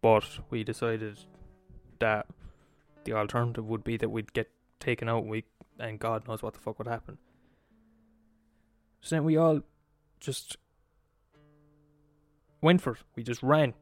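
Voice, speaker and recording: A man with an Irish accent telling a story in a casual, animated way, swearing freely and checking in with the listener. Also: mid-range voice, a little slow, long pauses, no room sound, faint music behind. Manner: animated, swears a lot, asks the listener "right?".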